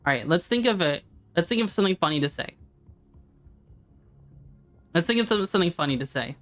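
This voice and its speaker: A woman game streamer, a little congested, chatting excitedly with her live chat into a condenser microphone. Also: on the low side, a little fast, faint music behind.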